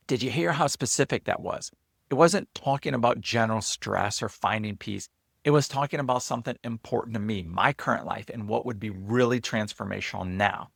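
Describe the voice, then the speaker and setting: Gravelly low-voiced man, casual walkthrough. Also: normal speed, no room sound, studio quality. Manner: relaxed, chatty, loose with fillers and restarts. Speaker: host and app founder. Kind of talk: casual screen-share walkthrough.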